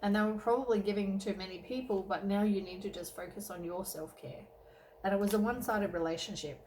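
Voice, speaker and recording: A woman's voice: mid-range voice, a little fast, background noise. A woman giving a casual tarot reading, tired and yawning, rambling with many ums and self-corrections. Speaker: tarot reader.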